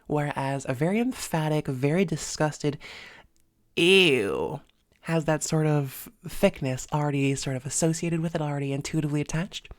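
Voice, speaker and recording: A woman voice coach giving an instructional lesson in a calm, measured way, with frequent "sort of" and "um" fillers as she explains exercises. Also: low-pitched, no room sound, studio quality. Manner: demonstrates sounds with their own voice.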